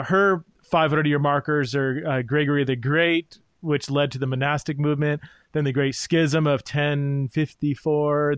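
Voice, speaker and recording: A man's voice: fairly high pitch, clean tone, no room sound. A man hosting a podcast, talking through ideas in a thoughtful, searching way with many fillers. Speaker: podcast host. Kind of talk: interview conversation.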